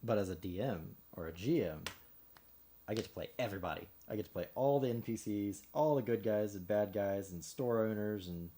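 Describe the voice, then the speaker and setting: A man talks casually to his stream while building a model kit. His voice sits a little low, and he rambles with plenty of ums, uhs and restarts, chuckling now and then between thoughts. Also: fairly quick, warm tone, a little hiss or hum. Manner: rambling, with many fillers and restarts.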